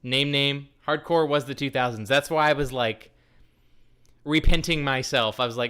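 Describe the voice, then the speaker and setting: A man hosting a live stream in a bright, forceful voice, bantering loosely with his chat. He jumps from thought to thought with playful jokes. His delivery is smooth and crisp. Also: medium pitch, unhurried, pauses often. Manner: scattered, jokey, talks straight to the chat. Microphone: desk microphone.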